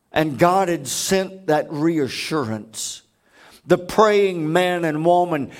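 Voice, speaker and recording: Male preacher, slow and emphatic, storytelling sermon, fairly high voice. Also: darkish tone.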